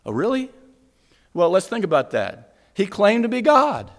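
Earnest preacher man, higher voice, reverberant church. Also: wildly swooping pitch, normal speed. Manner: earnest, rhetorical questions, repeats for emphasis. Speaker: pastor. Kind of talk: sermon.

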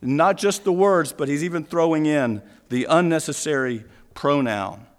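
Earnest preacher man, higher voice, reverberant church. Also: normal speed. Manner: earnest, rhetorical questions, repeats for emphasis. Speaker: pastor. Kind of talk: sermon.

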